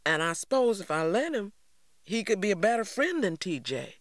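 A man's voice: high voice, sing-song, moderate pace, a bit bright, no echo, studio quality, pitched above the performer's own voice, full character voice. A man voicing an earnest, questioning boy. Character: earnest thoughtful Southern boy.

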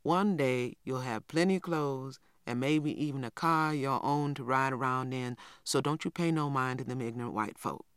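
A man's voice: mid-range voice, normal speed, few pauses, a bit bright, smooth, no room sound, studio quality, lightly acted. A man voicing a firm but loving old grandmother who speaks in a folksy dialect.

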